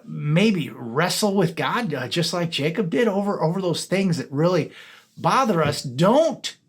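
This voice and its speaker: A man's voice: on the high side, expressive, a little slow, husky. A man from a ministry giving an informal devotional talk, casual and full of fillers and restarts. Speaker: ministry chaplain.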